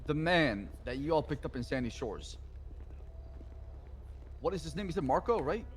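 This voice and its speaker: A man playing a police officer in a video game role-play, asking a witness brisk, probing questions. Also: fairly high pitch, lively intonation, a little hiss or hum.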